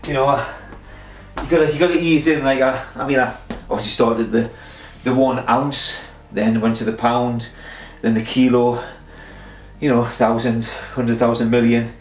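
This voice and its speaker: A man's voice: medium pitch, level tone, normal speed, roomy sound. Breathless, self-mocking man counting reps. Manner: chuckling, self-mocking, talks to himself. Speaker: vlogger doing a memory and pull-up challenge. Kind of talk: casual self-talk while exercising.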